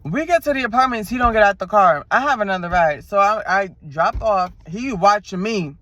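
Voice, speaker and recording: A woman in her twenties from New York, with a New York accent, chatting in a car and telling a story in an animated, slangy way, acting out the people she quotes. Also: medium pitch, brisk. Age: 20s. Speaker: vlogger. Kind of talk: casual storytelling chat. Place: inside a car.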